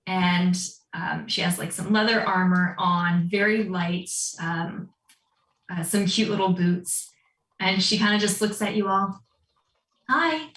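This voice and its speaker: A woman's voice: lowish voice, fairly even intonation, a little slow, a bit bright, reverberant, recorded from a distance, rough recording. A woman running a tabletop game as game master, describing scenes in a chatty, filler-laden way.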